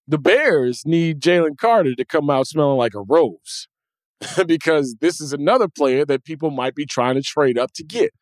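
A man hosting a sports podcast, talking in a casual, animated way with emphatic restarts. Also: a little high, no echo. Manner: animated, emphatic, repeats words when he restarts. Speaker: podcast host.

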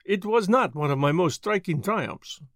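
A man's voice: high voice, expressive, moderate pace, a bit bright, no echo, clean studio sound. A man voicing a fussy, vain foreign detective with a formal, precise manner.

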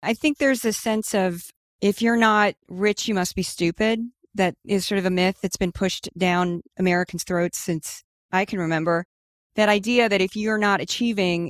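A woman answering interview questions in a casual, animated way, full of "like" and "you know". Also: lowish voice, dry recording, studio quality. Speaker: guest, media newsletter writer.

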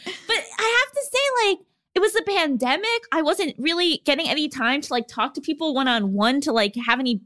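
A woman's voice: high-pitched, lively intonation, brisk, pushed and bright, no room sound, studio quality. A woman co-hosting a podcast in casual chat, talking freely with frequent "like" fillers and easy laughter. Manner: chatty, laughs often, many "like" fillers. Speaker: podcast co-host.

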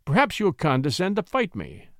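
A man voicing a proud young shepherd poet who speaks calmly and formally. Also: sits high, fairly quick, no room sound, studio quality, exaggerated voice. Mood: calm, defiant. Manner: calm, formal, dignified.

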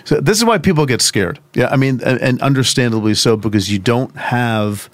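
A man's voice: mid-range voice, moderate pace, dry recording. Thoughtful male podcast co-host, dry sound. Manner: thoughtful, rambling with restarts and asides. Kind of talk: conversational theology discussion.

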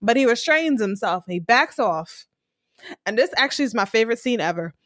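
An animated woman co-host with a high, very lively voice that swings up and down as she chats through a TV recap. She keeps slipping into the characters' voices and laughing between lines. The recording is close and dry. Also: a little fast, no room sound. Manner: frequent "like" fillers, laughs while talking. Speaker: podcast co-host. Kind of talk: casual TV recap chat.

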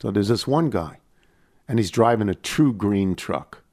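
A man's voice: fairly low pitch, unhurried. An older man hosting a podcast, chatting casually and acting out the people in his stories. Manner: animated, acts out voices in anecdotes. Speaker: podcast host. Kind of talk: casual chat, storytelling.

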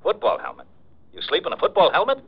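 An actor playing a gruff, impatient male police lieutenant who talks brusquely, in 1940s radio acting. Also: a little high, huge pitch swings, fast talker, full character voice. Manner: brusque, scolding. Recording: dull old 1940s radio recording.

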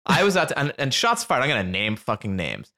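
A man hosting a casual chat, telling a comic story with lots of swearing and acting out his friends in high voices. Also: very animated, a little fast, sharp tone.

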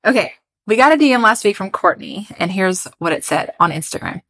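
A woman's voice: mid-range voice, animated, brisk, a bit bright. A woman co-hosting a podcast, chatting casually and telling a history story, laughing often and joking about her pronunciation. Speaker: podcast co-host.

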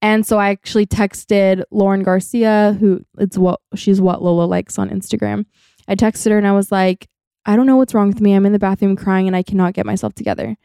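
A woman's voice: mid-range voice, flat delivery, brisk, creaky, dark tone, clear, resonant tone, dry recording, clean studio sound. A young woman co-hosting a podcast, telling a personal story in casual chat, full of "like" fillers. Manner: chatty, many "like" fillers. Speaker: podcast co-host.

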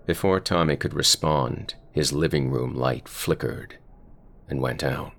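A man narrates a scripted horror story in a slow, brooding way. His voice sits very low and has a gravelly fry. He takes his time with every line. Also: a bit bright.

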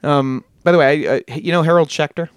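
A man's voice: on the high side, steady tone, brisk, clean tone, no room sound, studio quality. Chatty rambling male podcast host. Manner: rambling, self-correcting, chatty with jokey asides. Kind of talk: casual storytelling podcast chat.

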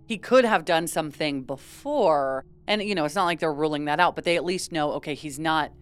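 A woman's voice: low voice, fairly quick, clear, resonant tone. A young woman co-hosting a casual true-crime podcast, chatty and laughing often, with lots of "like". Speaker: podcast co-host.

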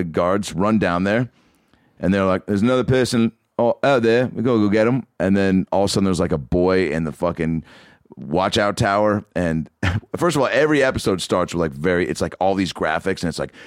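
A comedian guest on a podcast, telling joking stories in casual chat. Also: male voice, deep voice, normal speed, no room sound, studio quality. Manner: joking storyteller.

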